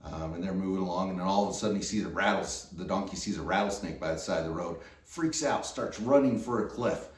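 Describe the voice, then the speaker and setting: A man casually talking through his gear in a relaxed, rambling way, full of fillers and restarts. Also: deep voice, quick pace, few pauses. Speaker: vlogger reviewing gear. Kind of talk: casual product talk. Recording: roomy, distant mic.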